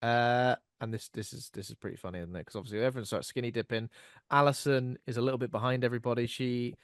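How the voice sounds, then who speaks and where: A man's voice: mid-range voice, quick pace, dry recording, studio quality. Man retelling a film scene. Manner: animated retelling, acts out lines. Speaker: podcast co-host. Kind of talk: casual film discussion.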